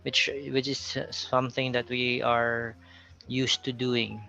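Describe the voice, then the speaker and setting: A man's voice: medium pitch, little pitch movement, slow pace, gravelly, bright, forceful tone, muffled recording, faint music behind. A man from the Philippines with a Filipino accent, teaching an English pronunciation lesson and repeating example words as he explains them.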